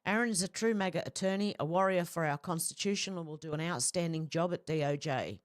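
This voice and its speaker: A woman's voice: lowish voice, quick pace. Chatty Australian woman reading posts. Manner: chatty, laughs between reads. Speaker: host. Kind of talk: casual commentary reading posts.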